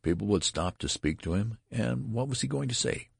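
A man narrating a literary story in an expressive, theatrical reading. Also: on the low side, moderate pace, gravelly, breathy edge, no room sound, studio quality. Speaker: audiobook narrator.

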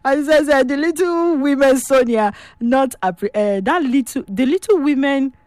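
A woman with a Nigerian accent hosting a call-in radio show, reading listener messages aloud in a lively, exclamatory way and laughing often. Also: high-pitched, normal speed, dry recording.

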